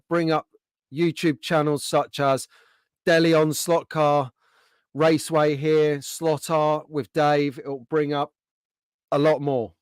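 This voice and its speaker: A man's voice: on the high side, no echo. A man hosting a casual livestream, chatting in a friendly way and reading out viewer comments. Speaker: livestream host.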